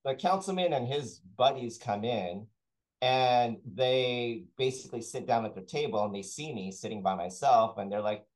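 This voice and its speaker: A man in a relaxed interview, spinning a long personal story in a chatty, rambling way. His voice sits at an ordinary middle pitch, and he doubles back on his words as he goes. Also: normal speed, poor audio. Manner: chatty, rambling anecdotes with frequent restarts. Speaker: talent sourcer, podcast guest.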